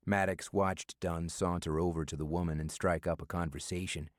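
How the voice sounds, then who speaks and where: A man narrating a thriller audiobook in a measured storytelling manner, from a studio booth. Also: low-pitched, steady tone, dry recording. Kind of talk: scripted narration.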